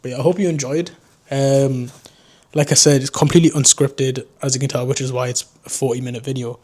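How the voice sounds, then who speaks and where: A man's voice: mid-range voice, fairly even intonation, brisk, mellow. Young geordie guy rambling to camera bout his drones, accent slips southern sometimes, normal mid voice, very off the cuff. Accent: Geordie mixed with southern English. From North East England. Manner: rambling, loose, self-mocking. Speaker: drone vlogger. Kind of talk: casual unscripted chat to camera.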